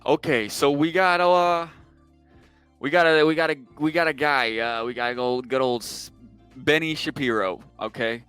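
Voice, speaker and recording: A man's voice: a little high, steady tone, moderate pace, a bit bright, clean tone, soft background music. A young man giving casual, sarcastic and exasperated political commentary on a livestream.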